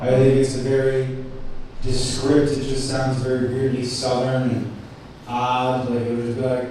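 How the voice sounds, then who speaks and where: With a mid-range, dark voice and flat delivery at normal speed, a stand-up comic rambles through a self-deprecating open mic set in a cafe, restarting often and saying um a lot. The recording is very echoey, from a distant mic, with faint noise.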